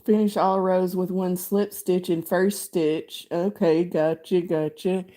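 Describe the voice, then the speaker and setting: Slow, rambling woman crochet host. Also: on the low side, level tone, dark tone. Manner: rambling and chatty, many fillers, reads pattern text aloud. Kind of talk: casual chat while crocheting live.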